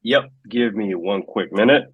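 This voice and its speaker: A man hosting an online meetup, relaxed and halting, with plenty of fillers, on a video call. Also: fairly low pitch, breathy edge, no echo, phone-quality sound. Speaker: meetup host. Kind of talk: casual hosting.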